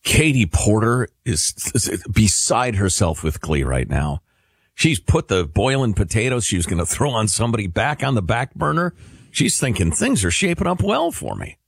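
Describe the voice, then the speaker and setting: A man's voice: on the low side, very animated, normal speed, slightly rough, no room sound, clean studio sound. A man co-hosting a talk radio show, trading sardonic put-downs about politics.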